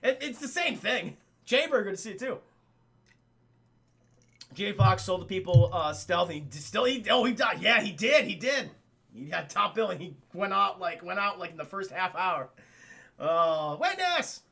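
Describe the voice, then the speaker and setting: Young male streamer, high gravelly voice, bright and excitable, profane, chatty recap. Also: moderate pace. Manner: excitable, profane, keeps addressing chat. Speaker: streamer and film reviewer. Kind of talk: casual live-stream film recap.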